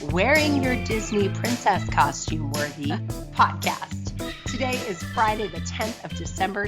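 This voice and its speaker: Slightly husky woman podcast host. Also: lowish voice. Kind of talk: casual podcast chat.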